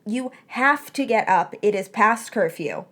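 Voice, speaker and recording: A woman's voice: medium pitch, animated, unhurried, fairly bright tone. A woman voicing a teenage boy wizard who is wry and teasing, with a dry, joking, mock self-pitying manner. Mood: coaxing.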